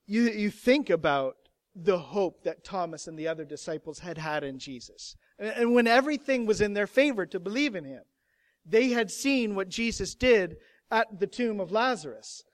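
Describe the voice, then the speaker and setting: A man preaching a sermon, moving from hushed, slow passages to emphatic, raised lines. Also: high voice, no room sound. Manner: expressive, swings from hushed to emphatic.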